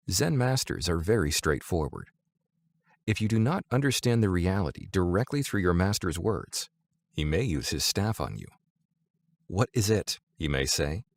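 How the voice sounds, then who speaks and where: Deep gravelly man reading calmly. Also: dry recording. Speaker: narrator reading Zen teachings. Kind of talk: audiobook-style reading of a spiritual text.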